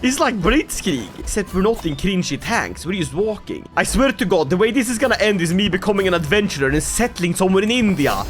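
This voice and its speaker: Brief: high, animated man narrating strategy gameplay, theatrical bursts of glee, faint music under. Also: a little fast, few pauses. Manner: excitable, theatrical, laughs often. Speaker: gaming video creator.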